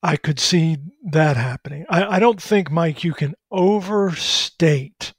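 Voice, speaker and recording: A man analyzing college football in a measured way on a sports talk show, citing details and history. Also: a little high, breathy edge, no room sound, studio quality.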